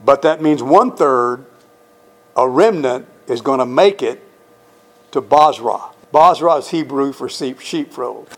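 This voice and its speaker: A man's voice: mid-range voice, unhurried. A man teaching the Bible verse by verse in an emphatic, conversational way, often putting questions to his listeners.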